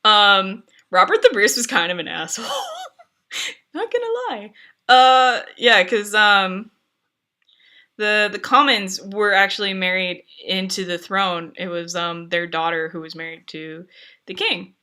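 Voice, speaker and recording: A woman's voice: medium pitch, animated, a little slow, sharp tone. A woman streamer chatting casually with viewers, rambling with lots of fillers and restarts and laughing often. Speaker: streamer answering chat.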